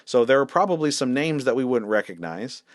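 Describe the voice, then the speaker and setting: A man's voice: medium pitch, sing-song, brisk, dry recording, studio quality. A man, a senior pastor, telling a story in a casual, wry, self-deprecating way with lots of fillers.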